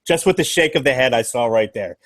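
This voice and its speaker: A man's voice: mid-range voice, expressive, brisk, no echo. Brief: middle-aged American man, podcast host, easygoing and jokey, mid-range voice, dry close sound. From mid-Atlantic United States. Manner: laid-back, jokey, says "man" and "dude". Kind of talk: casual chat.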